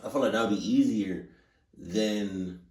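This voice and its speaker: A deep-voiced man drawls through casual reaction commentary, stumbling over fillers and restarting his sentences. He sits a little back from the mic in a roomy, echoing space. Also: a little mellow, recorded from a distance. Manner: rambling, halting, with many fillers and restarts. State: hiccuping. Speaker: reaction streamer.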